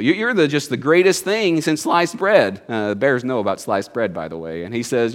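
A man's voice: mid-range voice, expressive, moderate pace, hardly any pauses. A man preaching a sermon to his congregation in a folksy storytelling manner, with jokes and asides. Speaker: pastor.

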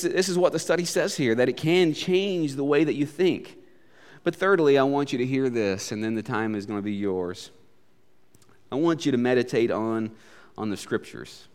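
A man's voice: mid-range voice, a little mellow, long reverb tail. A man preaching a sermon as a pastor, hesitant with many fillers at first and then building to emphatic repetition.

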